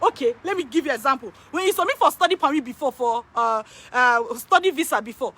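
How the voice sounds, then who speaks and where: A woman who works as an immigration consultant in Canada talks excitedly straight to camera for her viewers. She repeats phrases for emphasis and laughs often, speaking high-pitched at a quick pace.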